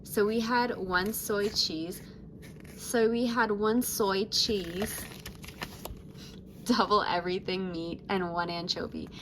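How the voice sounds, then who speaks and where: A woman voicing a laid-back teenage sea-monster surfer girl, reading her diary aloud softly. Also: medium pitch, steady tone, takes it slowly, background noise, natural voice. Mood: mellow.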